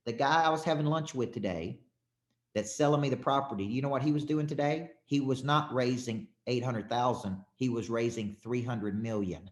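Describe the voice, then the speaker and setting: A man's voice: medium pitch, moderate pace, roomy sound. A man coaching a live audience in a motivational talk. He speaks in short, repeated, punchy phrases and keeps calling on the crowd with questions. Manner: punchy, repetitive, calls on the crowd. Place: event room with audience.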